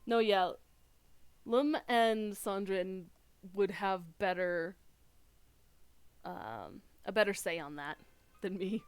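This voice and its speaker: A woman's voice: medium pitch, takes it slowly, clear, resonant tone. A young woman streamer giving casual, chatty and self-deprecating commentary while playing a game.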